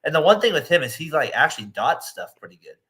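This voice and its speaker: A man's voice: a little high, very animated, fast talker, fairly bright tone. A man co-hosting a casual baseball talk show, rambling, laughing often and acting out quotes of other people. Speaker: co-host. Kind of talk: casual sports chat.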